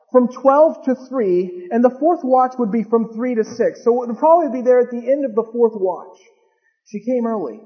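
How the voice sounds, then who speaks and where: A pastor preaching a sermon, moving from calm scripture teaching to fervent, emphatic preaching. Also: male voice, extremely high pitch. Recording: dull lo-fi recording with long hall reverb.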